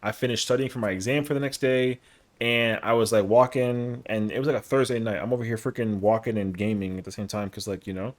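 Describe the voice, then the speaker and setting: A man's voice: on the low side, fairly even intonation, fast. A man in his thirties casually telling a rambling, slangy story on a live stream, acting out the quotes. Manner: slangy, rambling, lots of fillers, acts out the quotes.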